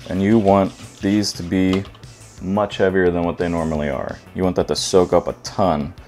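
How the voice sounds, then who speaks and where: Man, low voice, offhand joking manner, home cooking demo, soft music underneath. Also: little pitch movement, normal speed. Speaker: cooking video host. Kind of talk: casual cooking demonstration. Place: home kitchen.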